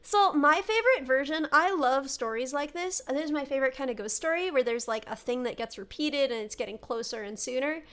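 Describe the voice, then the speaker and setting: Giggly high-voiced young woman streamer. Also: fairly bright tone. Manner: giggly, chatty, dramatic pauses. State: sick. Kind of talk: casual chat and storytelling.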